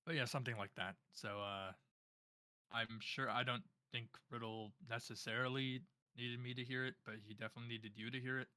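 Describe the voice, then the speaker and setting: A man playing a tabletop game in character, relaxed and a little hesitant. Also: medium pitch, brisk, clean tone, dry recording. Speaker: player.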